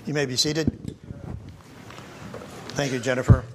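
A man's voice: medium pitch, steady tone, measured pace, noisy background. A man in his seventies, a pastor, preaching a Mother's Day sermon in a folksy, conversational storytelling way. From United States. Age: 70s.

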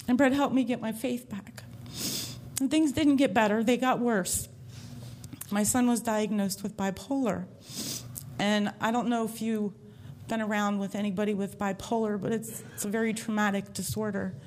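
A woman's voice: mid-range voice, normal speed, a little mellow, slight background noise. Woman telling her testimony up front at church, sincere and open, ordinary mid voice. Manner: earnest, heartfelt storytelling. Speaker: church member giving testimony. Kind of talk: personal faith testimony to a congregation.

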